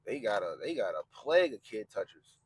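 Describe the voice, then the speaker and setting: A man's voice: fairly low pitch, sing-song, fairly quick, breathy edge, poor audio. A man hosting a podcast, talking casually and profanely, mocking people and quoting them in put-on voices. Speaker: podcast host. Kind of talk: casual commentary chat.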